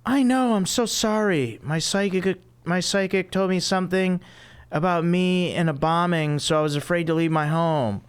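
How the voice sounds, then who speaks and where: An airy, scatterbrained young woman with a high, floaty voice, as a man puts her on in falsetto while reading a sitcom script. The tone stays smooth and clear. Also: normal speed, natural voice. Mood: apologetic. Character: flaky, dreamy young woman, airy and odd.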